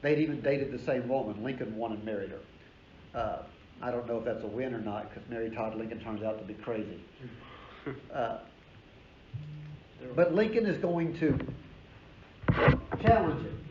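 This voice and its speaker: A man's voice: mid-range voice, normal speed, pauses often, darkish tone, slight background noise. Male history professor, emphatic storytelling lecture, casual asides, roomy dull recording. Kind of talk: classroom lecture.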